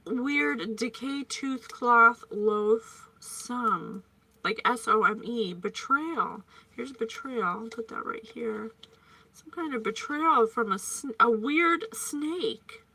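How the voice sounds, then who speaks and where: Bright, slow-talking woman psychic reader. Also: fairly high pitch. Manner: chatty, playful, prone to tangents and giggles. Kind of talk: casual psychic reading monologue.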